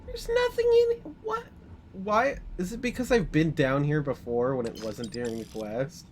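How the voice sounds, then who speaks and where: A streamer from California giving profane, animated live gameplay commentary, now and then slipping into a joking southern drawl. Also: mid-range voice, moderate pace, slight background noise. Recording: game music behind the voice. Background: game music and sound effects.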